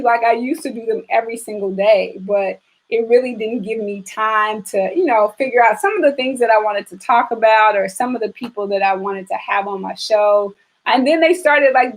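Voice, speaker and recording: A woman fitness trainer chatting casually on a live stream, answering viewers and filling pauses with "you know" and "um". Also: fairly high pitch. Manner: chatty, reads and answers viewer comments, frequent fillers.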